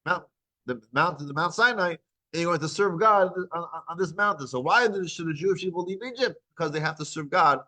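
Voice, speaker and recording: A man teaching a weekly scripture class, retelling the text as lively back-and-forth dialogue, with frequent restarts. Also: on the high side, a little fast, low-quality recording.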